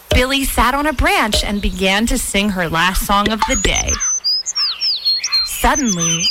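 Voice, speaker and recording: A woman narrating a children's storybook in an expressive, sing-song way. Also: medium pitch, background noise. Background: soft music.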